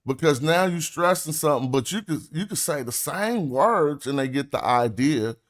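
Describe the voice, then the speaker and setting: Pria santai yang bicara tegas. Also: male voice, on the high side, expressive, normal speed. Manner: loose, emphatic, streetwise talk. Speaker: stream host. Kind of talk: casual discussion.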